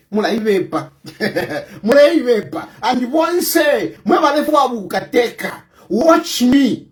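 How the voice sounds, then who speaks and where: A man with a Zambian accent rants about politics, defiant and mocking, hammering his points home again and again. His voice sits high and swings widely in pitch, with sudden bursts of shouting. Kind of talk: combative political rant.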